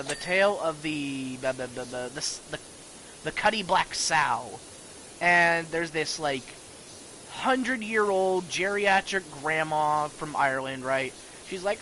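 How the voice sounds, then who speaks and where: A man's voice: a little high, sharp tone, a little hiss or hum, poor audio. A man rambling casually and profanely about horror shows while playing a video game. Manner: rambling, profane, full of restarts. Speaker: gaming video host.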